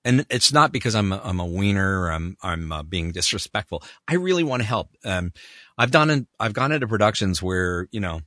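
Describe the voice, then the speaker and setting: A middle-aged man, a voice actor, telling stories in an interview in an animated way and slipping into quick impressions. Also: lowish voice, dry recording, clean studio sound. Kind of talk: storytelling in an interview.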